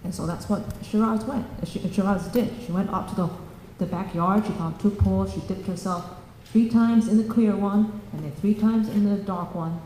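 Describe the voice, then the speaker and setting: A woman tells a children's story in a church, halting and restarting often as she goes. Her voice is mellow and dark. A long, booming echo fills the hall, with a faint noise underneath. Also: steady tone. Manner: halting, with many fillers and restarts.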